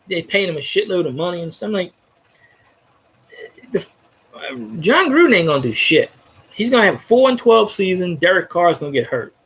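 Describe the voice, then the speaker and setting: A man's voice: sits high, a bit bright, slightly rough. A man ranting bluntly about football in a casual chat, swearing freely and restarting his sentences as he goes. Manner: profane, blunt, rambling with restarts. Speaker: sports fan commentator.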